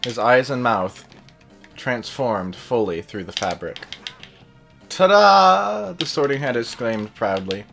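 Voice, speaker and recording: A man's voice: fairly low pitch, unhurried, fairly bright tone, faint music behind. A man reading fan fiction aloud while playing a game, in a casual, plain delivery broken by joking, distracted asides. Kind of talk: casual read-aloud over gameplay.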